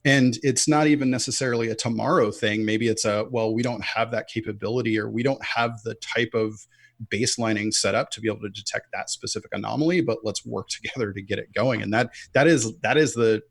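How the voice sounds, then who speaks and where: A man speaks as a podcast guest in a relaxed, rambling way, padding his points with filler words. His voice is gravelly with fry at the ends of phrases, and the sound is dry and close with no room around it. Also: lowish voice, a little fast, no room sound. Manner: loose and chatty, frequent "like" fillers. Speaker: podcast guest, offensive security lead. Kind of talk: casual conversational chat.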